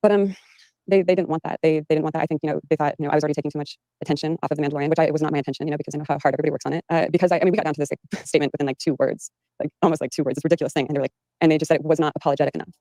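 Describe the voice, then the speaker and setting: A woman's voice: low-pitched, fairly even intonation, rapid-fire, warm tone, no room sound, low-quality recording. A woman giving an interview, rambling with many fillers and restarts. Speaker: interview guest. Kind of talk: recounting in an interview. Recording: played from an archived interview.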